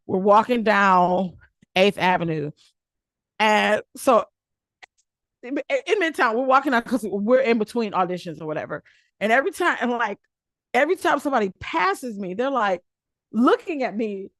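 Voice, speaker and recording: A young woman from Detroit, talking casually and telling stories with lively acted-out quotes, recorded dry and close. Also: mid-range voice, no room sound. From Detroit, Michigan, United States. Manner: animated storyteller who acts out quoted voices. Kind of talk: casual conversation.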